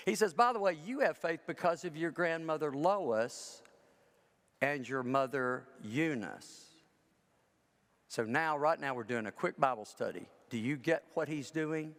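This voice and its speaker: A pastor with a fairly bright, somewhat high voice gives a chatty sermon in a large church sanctuary, where long reverb fills the recording. He pokes fun at himself and acts out the people in his stories.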